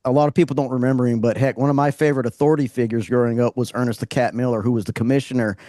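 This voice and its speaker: A man's voice: medium pitch, steady tone, very fast, warm tone, no echo, clean studio sound. A man in his thirties, a guest wrestling ring announcer, telling his story in casual podcast chat, with many fillers and restarts.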